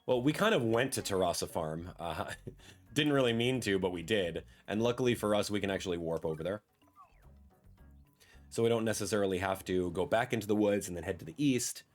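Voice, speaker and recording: A man's voice: fairly low pitch, fairly quick. A man hosting a let's-play video, chatting casually and playfully as he plays. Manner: chatty and playful, with cheerful asides. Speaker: gaming video host. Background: faint game music.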